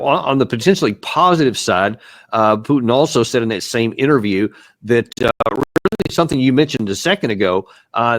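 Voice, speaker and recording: A man's voice: medium pitch, no room sound. A man in a mid-range voice hosts an interview and poses long conversational questions. His delivery repeats words and restarts phrases, and the recording is dry, with no room sound. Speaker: show host.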